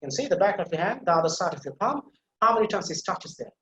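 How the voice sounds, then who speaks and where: Fast, bright and forceful, a man with a high, expressive voice explains English pronunciation to a live online class. He patiently says words again and restarts phrases, all heard through slightly muffled, reverberant video-call audio.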